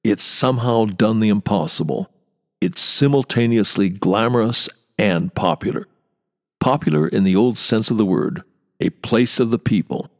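A man narrating a history story with dramatic pauses and wry asides as a podcast host. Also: fairly low pitch, big-room sound.

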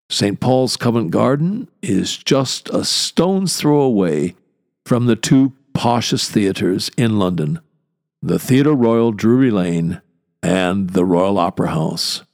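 Older male lecturer, low gravelly voice, slow and deliberate delivery. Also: darkish tone. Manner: measured, deliberate, explanatory. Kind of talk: spoken lecture.

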